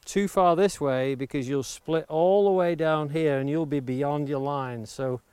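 A man whose voice is on the high side and warm speaks at a measured pace, with no room sound, as he teaches woodcarving by the coast. In this hands-on outdoor tutorial he explains each step of shaping a wooden blank with an axe and stresses safety, with axe chops and clicks clearly in the background.

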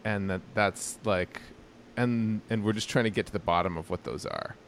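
A man's voice: on the low side, normal speed, a little hiss or hum. A man co-hosting a podcast, chatting casually in a rambling, hesitant way full of restarts and fillers. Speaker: podcast co-host. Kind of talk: casual chat.

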